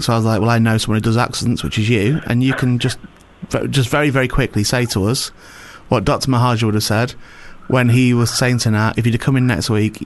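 A man talks in a loose, casual chat. He needles and teases the people he talks to, pressing the same questions again and again with a prankster's grin in his voice. His pitch sits in a middle range. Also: a little hiss or hum. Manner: teasing, pushy prankster.

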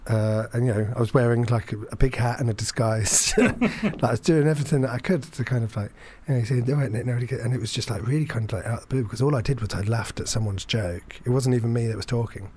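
A young adult man from England telling a long, self-deprecating anecdote in casual chat, halting often with fillers and restarts. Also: medium pitch, a little mellow. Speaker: podcast guest storyteller.

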